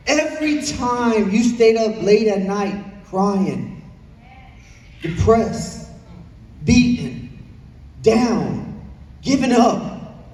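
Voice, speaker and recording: A man's voice: high voice, lively intonation, extremely slow, pauses often, a little mellow. A young man preaching a sermon earnestly, with repeated phrases and questions to the congregation. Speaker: pastor. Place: church sanctuary. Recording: echoey church hall from far off.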